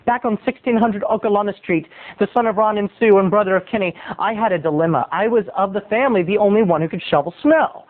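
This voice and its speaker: A man's voice: high voice, fast talker, hardly any pauses. Man telling a rambling comic story. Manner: theatrical, rambling, jumps into voices. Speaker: video blogger. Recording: muffled lo-fi phone-like sound.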